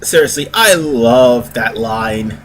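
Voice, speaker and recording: A man's voice: mid-range voice, lively intonation, takes it slowly, a bit bright. A man giving casual, rambling let's-play commentary as host of a gaming video, often correcting himself. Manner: chatty, rambling, self-correcting.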